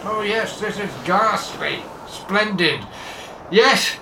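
The Doctor, a whimsical time traveller. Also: male voice, sits high, slow pace, vocal fry, background noise, full character voice. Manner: airy, quirky, dry delivery. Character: eccentric male time traveller, breezy and whimsical. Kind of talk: audio drama. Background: music score.

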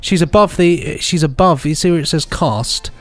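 A man's voice: fairly high pitch, normal speed, a bit bright, soft background music. A man co-hosting a podcast, chatting casually and joking along with his partner. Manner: playful, laughs and riffs on jokes. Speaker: podcast co-host. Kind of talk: casual chat.

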